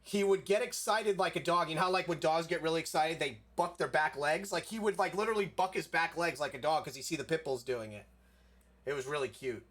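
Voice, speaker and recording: Young man, casual storyteller, filler-heavy and loose, voice a touch higher than average. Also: a little fast, a bit bright. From South Florida.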